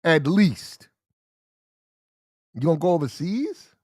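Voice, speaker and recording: A man's voice: on the high side, sing-song, slow, a little mellow, no echo, studio quality. A man from the United States giving blunt, slangy opinion commentary, repeating his points for emphasis. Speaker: commentary show host.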